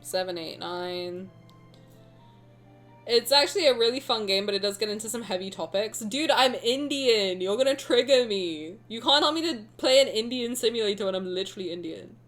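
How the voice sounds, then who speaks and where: A woman streamer chatting casually with her viewers, animated, joking and making fun of herself. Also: mid-range voice, normal speed, faint music behind. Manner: animated, joking and self-mocking.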